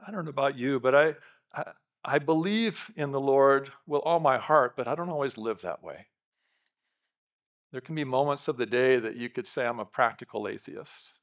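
A middle-aged male pastor preaching a lively sermon, bantering with the congregation and asking them questions. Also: medium pitch. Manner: lively, talks with the congregation, quick asides.

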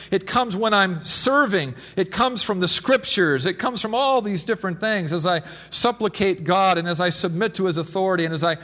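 High, bright-voiced preaching man. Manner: animated preaching, shifting from loud exclamations to quiet asides. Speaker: pastor. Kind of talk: sermon. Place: church.

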